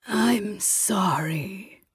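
Woman whispering as a raspy eerie stranger. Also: mid-range voice, dry recording, clean studio sound, pitched above the performer's own voice, full character voice. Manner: slow whispered drawl.

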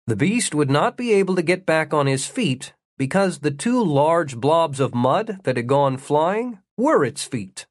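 A man reading a fantasy story aloud in a steady, measured storytelling manner. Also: a little high, no echo, studio quality. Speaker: audiobook narrator. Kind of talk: scripted fantasy narration.

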